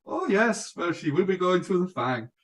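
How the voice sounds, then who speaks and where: A man's voice: high-pitched, big pitch swings, moderate pace, voice pushed up, poor audio. A man putting on a secretive Swedish tour guide. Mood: helpful. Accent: put-on Swedish. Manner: cagey, ominous tour-guide patter. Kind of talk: role-play on a podcast.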